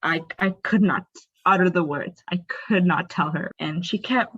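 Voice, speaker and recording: A young woman raised in a Bengali family talks as a podcast guest, telling personal stories in conversation with candor and earnestness and lots of fillers like "like" and "you know." Her voice sits fairly low, expressive and a bit bright, with a husky edge, at a moderate pace. The recording has its highs cut off.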